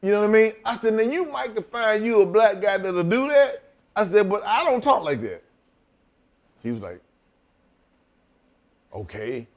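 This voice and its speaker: A man's voice: sits high, big pitch swings, normal speed, pauses often. A middle-aged man telling wrestling stories as an interview guest, blunt and full of swearing, acting out both sides of old conversations. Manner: blunt, swears often, acts out both sides of quoted talk. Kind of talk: profane shoot-interview storytelling.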